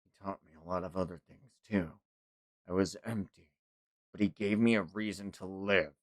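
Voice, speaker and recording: Brooding young fighter, a guy voicing him low and mumbly, bitter and quiet. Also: fairly even intonation, normal speed, dry recording, lightly acted. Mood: quiet resolve. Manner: low, subdued, muttering.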